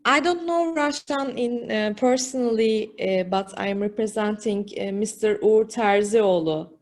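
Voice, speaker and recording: Woman from Turkey, slow careful speech, formal condolences over a call. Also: medium pitch. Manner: hesitant, searching for words. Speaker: speaker for a business council. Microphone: video call.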